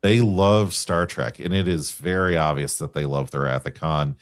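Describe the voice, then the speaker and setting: A man with a very deep voice talks earnestly and with enthusiasm, breaking off and restarting as he goes. His sound is dry and close, with no room around it. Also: moderate pace, no echo. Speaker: co-host. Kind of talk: casual live review chat.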